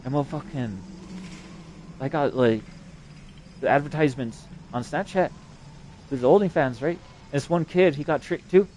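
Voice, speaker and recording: A man's voice: on the high side, moderate pace, pauses often, a little mellow, slight background noise. A young adult man telling a long, rambling story, swearing constantly and padding it with fillers. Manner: crude, profane, rambling, with frequent fillers and swearing. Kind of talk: rambling profane storytelling monologue.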